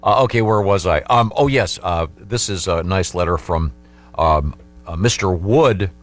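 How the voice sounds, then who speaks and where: Easygoing lowish-voiced radio host. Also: male voice, a little slow, faint music behind. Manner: rambling, joking, easygoing. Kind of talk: casual morning radio chat and read ad.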